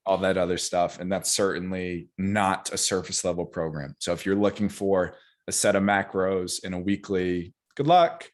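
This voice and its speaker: A man with a very low voice speaks as a guest nutrition coach on a podcast interview. He talks energetically and emphatically, breaking into animated asides. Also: moderate pace.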